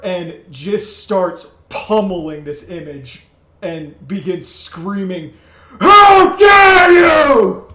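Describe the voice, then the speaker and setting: Brief: a man, higher voice, animated player in a tabletop role-playing session. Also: echoey room. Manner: animated, shouts in-character lines. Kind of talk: playing a tabletop game in character.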